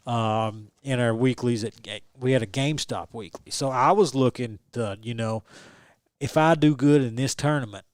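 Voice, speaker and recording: A young adult man, a guest telling a story in an animated, restarting way. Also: mid-range voice, moderate pace, no room sound. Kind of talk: casual storytelling interview.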